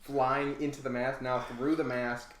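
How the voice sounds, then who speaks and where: A man in relaxed podcast chat who reads out viewer comments and thanks followers. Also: mid-range voice, unhurried, reverberant. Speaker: podcast co-host. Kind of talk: casual chat on a livestream.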